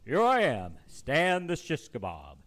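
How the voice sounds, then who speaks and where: A man voicing a talking shish kebab, a male sidekick with sarcastic, deadpan retorts. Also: fairly high pitch, unhurried, full character voice. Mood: cheery.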